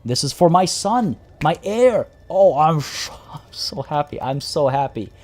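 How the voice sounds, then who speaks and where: A man voicing an overjoyed elderly queen of a game dynasty, reading her lines slowly and theatrically. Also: on the high side, lively intonation, darkish tone, voice pushed up. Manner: slow, gushing, theatrically delighted.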